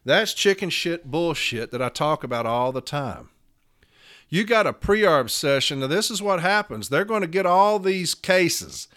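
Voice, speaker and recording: A man's voice: on the high side, fairly bright tone. A man hosting a show, ranting with profane, sarcastic fire about union matters. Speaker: podcast host. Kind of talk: ranting commentary.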